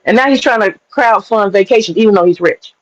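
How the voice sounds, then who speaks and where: A woman's voice: mid-range voice, fairly quick, no echo, dull audio. A woman guest chatting casually on a livestream, brash, teasing and profane. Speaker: stream guest.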